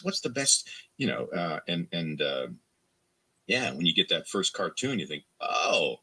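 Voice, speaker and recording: A man's voice: big pitch swings, unhurried, sharp tone, husky. A man from Canada, a voice actor answering interview questions in a rambling, casual way, full of restarts and fillers. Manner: acts out quoted fans in a higher voice. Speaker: voice actor guest.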